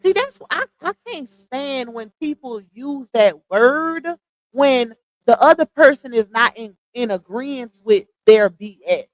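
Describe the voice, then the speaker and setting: A woman's voice: sits high, lively intonation, a little slow, no room sound, poor audio. A woman commenting casually on a livestream, chatty and laughing often as she reads posts aloud.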